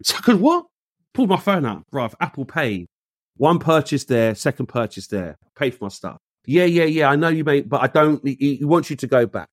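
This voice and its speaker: A man tells a story with a lively, swinging voice and slips into the voices of the people he quotes. His slang is casual and the recording is dry and close. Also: mid-range voice, normal speed, no room sound. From England. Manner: animated, acts out quoted voices, uses street slang. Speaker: guest.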